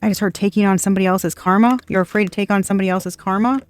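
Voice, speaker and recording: A tarot reader giving a casual, rambling intuitive reading straight to viewers, with soft laughs and the odd swear word. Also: medium pitch, fairly even intonation, very fast, smooth, no room sound. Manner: rambling, chatty, speaks to unseen viewers.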